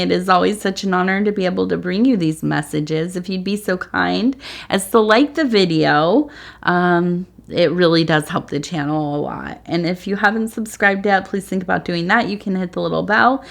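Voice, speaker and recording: Middle-aged lady doing a chatty reading, low voice with some fry, slow and rambly. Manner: rambling, meandering, with many fillers. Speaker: tea leaf reader, channel host. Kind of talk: casual spoken reading.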